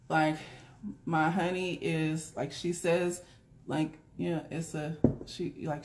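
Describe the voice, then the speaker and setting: A woman's voice: lowish voice, a bit bright, slight background noise. A woman hosting a casual live stream, talking bluntly to her viewers with plenty of swearing and frequent laughter. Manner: blunt, profane, laughs often; chatty, talks straight to viewers. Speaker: doula and live stream host.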